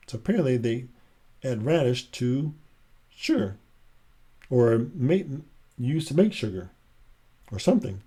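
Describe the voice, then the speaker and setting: Man, reading a children's picture book aloud, casual and chatty, mellow warm tone, asides between pages. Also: medium pitch, animated, normal speed, husky.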